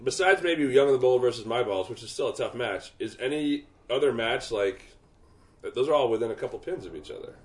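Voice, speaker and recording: A man's voice: mid-range voice, lively intonation, fairly quick. A man co-hosting a casual podcast chat, asking questions and tossing in joking asides. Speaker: podcast co-host. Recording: echoey room.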